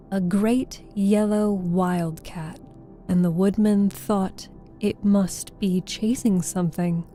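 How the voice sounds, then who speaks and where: A woman narrating a classic children's audiobook in a slow, gentle storytelling way. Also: medium pitch.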